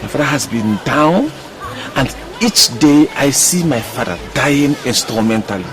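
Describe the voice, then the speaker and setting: A man's voice: medium pitch, expressive, unhurried, distant mic, close to an everyday voice. An actor with a Nigerian accent playing a troubled young man who left school for his sick father, stammering as he talks. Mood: despairing. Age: young adult. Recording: voice from off the mic. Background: music.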